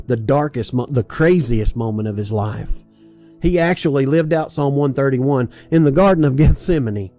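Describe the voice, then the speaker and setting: Mellow-voiced man preaching casually. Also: mid-range voice. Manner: conversational, chuckling, with many restarts and asides. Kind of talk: sermon.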